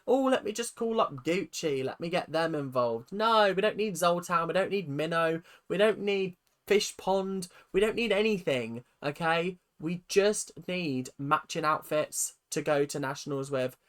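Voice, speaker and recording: A woman with a British accent hosting a reaction video, ranting in an animated, sarcastic and exasperated way. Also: fairly low pitch, unhurried, few pauses.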